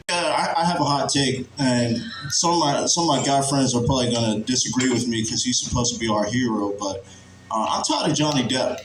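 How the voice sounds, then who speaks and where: A man from Virginia works a comedy stage in a loose, profane style, breaking into chuckles at his own punchlines. His voice sits a little high, is caught from a distance, and rings around an echoey club over steady crowd noise. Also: moderate pace. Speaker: stand-up comedian. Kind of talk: stand-up comedy set.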